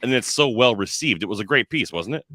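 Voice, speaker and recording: A man's voice: mid-range voice, animated, fast, no room sound, studio quality. A man hosting a podcast, chatting enthusiastically and encouragingly in a rambling way. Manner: warm-hearted, rambling, encouraging. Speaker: podcast host. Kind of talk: enthusiastic interview chat.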